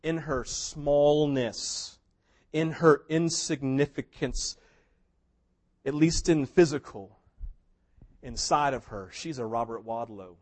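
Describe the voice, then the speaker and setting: A man preaching a sermon, telling a story with big swings between loud, excited passages and hushed ones, sometimes acting out what characters say. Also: fairly high pitch, slow, pauses often. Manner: mimics characters in quoted asides. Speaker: pastor.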